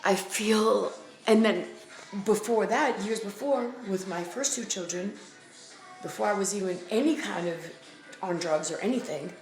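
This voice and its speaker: A woman's voice: medium pitch, a little slow. A woman from the Bronx, telling her own story to her viewers bluntly and emphatically, repeating phrases for weight. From the Bronx, New York. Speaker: vlogger. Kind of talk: candid personal storytelling to camera. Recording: echoey room with faint music.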